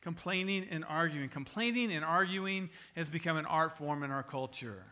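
A man's voice: a little high, normal speed, pushed and bright. A middle-aged man preaching a sermon, asking the congregation questions and pressing his points with emphasis. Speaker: pastor.

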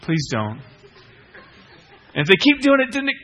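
A man preaching a sermon with animated swings from loud outbursts to hushed lines, mixing in casual asides and self-mocking humor. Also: very high voice, rapid-fire. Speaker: pastor.

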